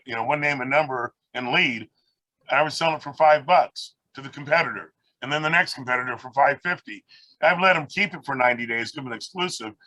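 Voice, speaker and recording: A man tells a winding story on a video call, now and then acting out the people he met along the way. His voice is bright and forward. The sound is dry, with no room around it. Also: mid-range voice, no echo, rough recording. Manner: rambling, anecdotal, acts out quoted people. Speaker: guest speaker, parrot rescue founder.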